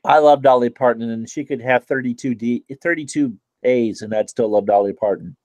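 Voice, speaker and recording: A man joining a casual chat as a guest, relaxed and brief in his replies. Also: mid-range voice, fairly quick, no room sound.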